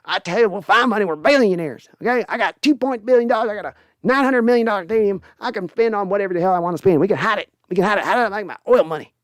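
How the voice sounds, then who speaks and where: A man's voice: sits high, rapid-fire, few pauses, a bit bright, no echo, studio quality, voice pushed up. A man impersonating a boastful older billionaire football team owner, bragging in a brash drawl.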